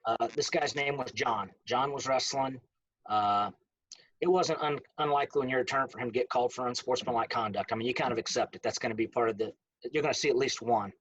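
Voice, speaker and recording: Husky man telling a lively anecdote. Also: medium pitch, fast, poor audio. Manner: lively storyteller who acts out the quoted lines. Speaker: former college wrestler. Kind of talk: casual anecdote.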